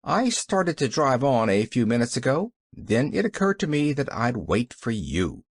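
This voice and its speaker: A man voicing a kind, lonely middle-aged doctor who talks gently and a little wryly in an audiobook. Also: mid-range voice, big pitch swings, moderate pace. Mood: gentle.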